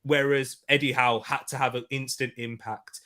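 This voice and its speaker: A man co-hosts a casual football chat in an animated way. He laughs easily and often restarts his sentences as he makes his points. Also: mid-range voice, normal speed. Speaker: podcast co-host.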